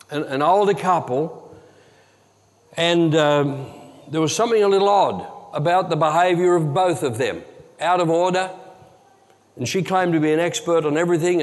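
A man preaching a sermon as pastor, telling a story earnestly and dropping to a hush at tense moments. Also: on the high side. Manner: earnest, drops to a hushed tone for dramatic moments. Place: church hall. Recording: long hall reverb.

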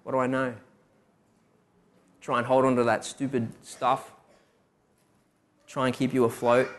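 A man's voice: mid-range voice, level tone, a little slow. A young man preaching a sermon, telling personal stories and asking rhetorical questions. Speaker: preacher giving a testimony.

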